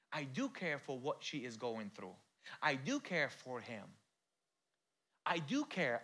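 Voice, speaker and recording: A man preaching a sermon in a church. He talks directly to the congregation and swings between quiet, intimate passages and loud, shouted emphasis. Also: medium pitch. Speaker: pastor.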